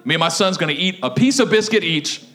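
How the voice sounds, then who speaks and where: A man voicing a poor widow mother with an attitude, blunt and sharp-tongued. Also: high voice, expressive, fast talker, voice pushed down. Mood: defiant. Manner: sassy, blunt.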